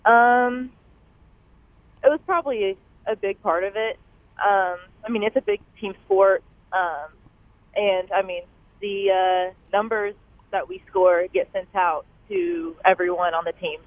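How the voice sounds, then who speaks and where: A woman's voice: mid-range voice, steady tone, measured pace, dry recording. Young woman calling in over a phone line. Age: young adult. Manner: peppers her talk with "like" and "um". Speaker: caller, college rower. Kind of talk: phone-in chat.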